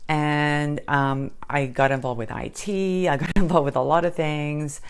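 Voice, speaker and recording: A woman's voice: low-pitched, fairly even intonation, a little slow, clear, resonant tone. A middle-aged woman with a faint Australian accent blended with American, chatting casually to camera about herself, with many ums and restarts. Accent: light Australian mixed with American. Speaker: jewelry maker and channel host.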